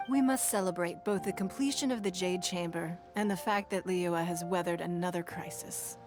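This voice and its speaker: An actress voicing a composed, gracious woman leader in a video game, speaking in a formal, measured, courteous way. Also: fairly low pitch, over music, lightly acted. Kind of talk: game voice acting.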